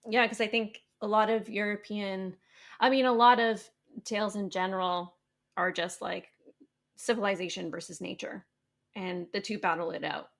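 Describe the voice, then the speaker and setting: A woman co-hosting a podcast in a casual chat, agreeable and quick to back up her co-host. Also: mid-range voice, fairly even intonation, gravelly.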